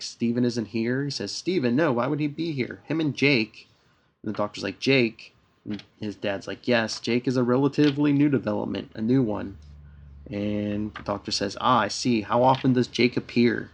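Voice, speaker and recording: A man's voice: mid-range voice, creaky. A man co-hosting a podcast, casually recapping a comic issue and reading out the characters' lines with lots of "uh"s. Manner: retells scenes with filler "uh"s and quoted dialogue. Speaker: podcast co-host.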